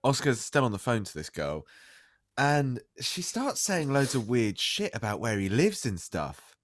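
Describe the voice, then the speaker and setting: A man's voice: mid-range voice, very animated, a little slow, no room sound, clean studio sound. A young man co-hosting a casual podcast, telling a story and acting out both sides of a phone call. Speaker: podcast co-host. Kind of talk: casual chat.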